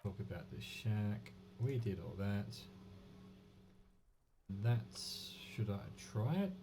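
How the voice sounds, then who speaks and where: A male streamer talks casually, thinking aloud over a live game. His voice sits fairly low. A steady noise runs under the recording. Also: takes it slowly. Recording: noisy home stream recording.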